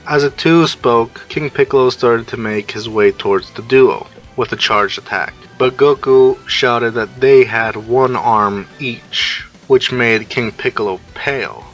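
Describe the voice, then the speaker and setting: A man's voice: mid-range voice, a little slow, few pauses, a bit bright, dull audio, faint music behind. A man reading a fan fiction story aloud as narrator, telling it plainly and introducing each character's line.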